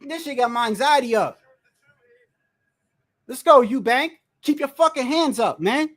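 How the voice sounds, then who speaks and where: High-voiced man ranting over a fight. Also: measured pace. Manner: animated, profane, exasperated, often says bro. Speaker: livestream host watching a boxing match. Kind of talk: excited live reaction commentary.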